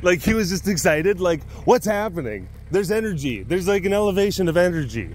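A man's voice: high-pitched, lively intonation, brisk, slight background noise. A man vlogging outdoors at an animal sanctuary, telling a rambling story full of sound effects and laughs. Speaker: big cat sanctuary vlogger. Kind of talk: casual storytelling.

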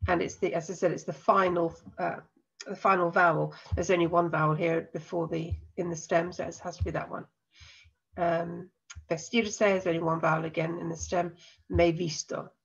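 A woman teacher with an English accent and a cold, patiently explaining a recorded lesson and slowing down to spell things out. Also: fairly low pitch, little pitch movement, vocal fry, slightly rough, lo-fi sound. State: has a cold.

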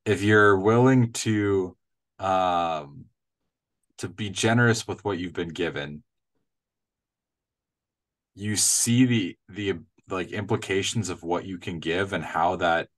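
Midwestern male co-host, deep voice, thoughtful and unhurried in chat. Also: fairly bright tone. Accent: Midwestern American. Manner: thoughtful, hedging with fillers. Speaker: church podcast co-host. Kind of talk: casual chat.

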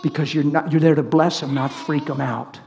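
A man preaching a sermon full of stories, animated, swinging from loud laughter to near whispers. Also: on the high side, normal speed, long reverb tail, slight background noise. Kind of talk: sermon with storytelling.

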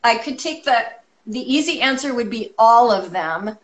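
A woman's voice: a little high, lively intonation, moderate pace. A woman, a guest artist from California, chatting enthusiastically on a video call with lots of ums. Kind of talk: casual chat.

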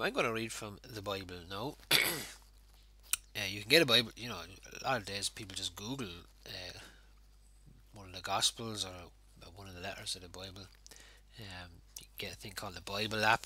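An Irish pastor preaching at home in a loose, conversational way, pausing on fillers. His voice is low and husky yet very bright and forceful. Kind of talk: home worship sermon.

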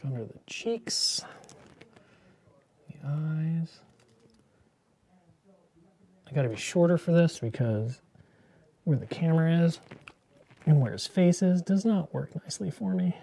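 Host type: man in his thirties, mellow tone, jokey rambling painter chat. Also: on the high side, slow pace, creaky, long pauses, slightly rough. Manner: joking, rambling into movie tangents. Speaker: miniature painter hosting a painting stream. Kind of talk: casual painting demo chat.

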